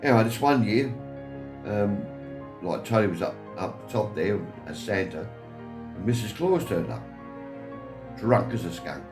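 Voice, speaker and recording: A man's voice: fairly low pitch, expressive, a little slow, long pauses. Older English man spinning family yarns. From England. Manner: chatty, chuckling, acts out quoted voices. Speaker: vlogger. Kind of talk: rambling family storytelling. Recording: roomy with faint music behind.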